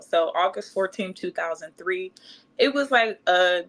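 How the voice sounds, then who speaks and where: Young woman from Cleveland, bright tone, casual and animated storyteller. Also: fairly low pitch, a little slow, rough recording. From Cleveland, Ohio. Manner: animated, acts out quotes, laughs often. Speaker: podcast guest.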